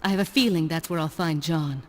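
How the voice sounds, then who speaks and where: A woman's voice: deep voice, a little fast, long reverb tail, natural voice. Ada, a woman voicing a cool, guarded woman.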